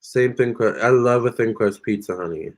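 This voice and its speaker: This Virginia man speaks at a medium pitch and a normal pace. He's a tarot reader on a live stream, answering viewer comments in a chatty, sassy manner and calling people honey and girl.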